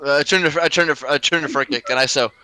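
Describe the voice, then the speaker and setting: A man playing a tabletop game, talking in a relaxed way and chuckling at times. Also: on the high side, quick pace, soft background music. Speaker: player. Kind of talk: casual tabletop play.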